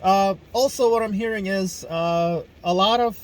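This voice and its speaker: A man's voice: high voice, measured pace. A young man from Ukraine hosting a casual video podcast, ranting angrily with lots of swearing and fillers. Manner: angry, profane ranting with fillers. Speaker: podcast host.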